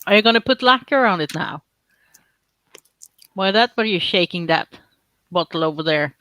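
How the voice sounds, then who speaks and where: Giggly woman, bright and dry. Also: on the low side, animated, normal speed, dry recording, low-quality recording. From Sweden. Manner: giggly, teasing, chatty. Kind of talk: casual chat.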